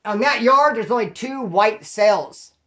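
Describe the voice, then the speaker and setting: A man from California telling his own prison stories in a casual, profane, animated way and acting out what people said. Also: high-pitched, a little slow. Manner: profane, animated, acts out quoted dialogue. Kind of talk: casual storytelling.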